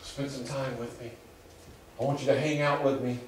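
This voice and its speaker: A man voicing God as a gentle male divine figure who keeps pleading and coaxing. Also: sits high, animated, a little slow, a little hiss or hum. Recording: echoey hall from far off.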